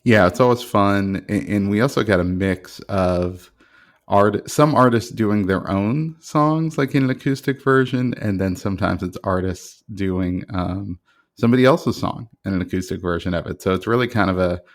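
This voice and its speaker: Deep male podcast host, relaxed and chatty, casual talk. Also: moderate pace.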